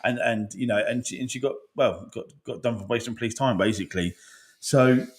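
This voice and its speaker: Fast-talking man, echoey room. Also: mid-range voice. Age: adult father. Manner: emotional, swears a lot, many restarts and fillers. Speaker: podcast co-host. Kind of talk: casual podcast chat.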